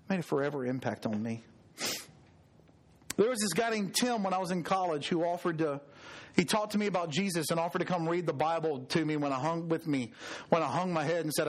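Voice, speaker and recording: Preaching a sermon at a fairly quick pace, this middle-aged pastor speaks with earnest stress in a voice that sits slightly high for a man. Repetition and stories from his own life carry his argument forward.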